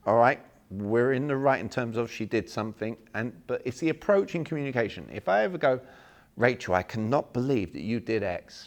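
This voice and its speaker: Male speaker, 40s, gravelly edge, animated seminar delivery acting out example lines. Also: medium pitch. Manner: animated, acts out sample messages, jokes with the room. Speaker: workshop speaker. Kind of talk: live seminar talk to an audience.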